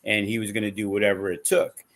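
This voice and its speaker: Blunt low-voiced man, rambling talk. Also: flat delivery, quick pace, a bit bright. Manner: blunt, profane, rambling with many fillers. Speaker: wrestling promoter. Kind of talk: casual podcast chat.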